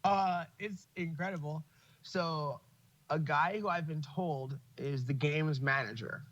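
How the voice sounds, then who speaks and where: A man talking in a casual podcast chat, opinionated and profane, often breaking into laughter mid-story. His voice sits a bit high for a man. The sound is dull and lo-fi. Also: slow, a bit bright. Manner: profane, opinionated, laughs while telling stories. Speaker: podcast host.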